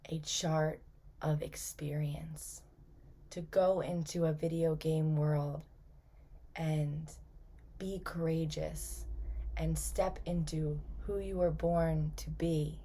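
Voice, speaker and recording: Gentle otherworldly spirit collective, soft and reassuring, low and unhurried, as a woman channels it. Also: exaggerated voice. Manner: slow, soft and half-whispered. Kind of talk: spoken channeling message.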